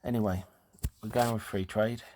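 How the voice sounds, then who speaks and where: A man hosting a casual talk show, explaining things in a halting way with fillers and restarts, and sounding out of breath. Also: fairly low pitch, fairly even intonation, darkish tone, a little hiss or hum. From United Kingdom. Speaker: host.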